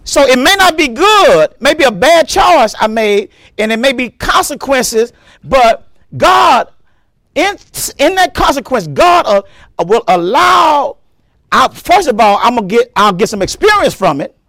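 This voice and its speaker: High-pitched shouting preacher man. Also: very animated, measured pace, no room sound, studio quality. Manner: emphatic preaching, repeats words, breaks into shouts. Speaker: pastor. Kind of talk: sermon.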